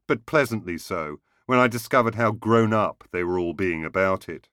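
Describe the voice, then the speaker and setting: Low-voiced male storyteller. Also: moderate pace, hardly any pauses, a bit bright, no echo, studio quality. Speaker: narrator. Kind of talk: reading a short story aloud.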